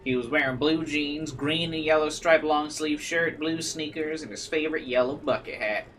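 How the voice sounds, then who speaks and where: A man voicing a frantic parent pleading for help, in a high urgent voice. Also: normal speed, a bit bright, faint music behind, natural voice. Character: frantic parent pleading about missing son.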